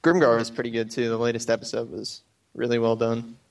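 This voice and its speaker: A young man talks about anime in a loose group chat. He rambles and hesitates, with plenty of fillers and quick laughs. His voice sits at a middle pitch and sounds a little distant from the mic. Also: level tone, gravelly. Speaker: anime podcast co-host.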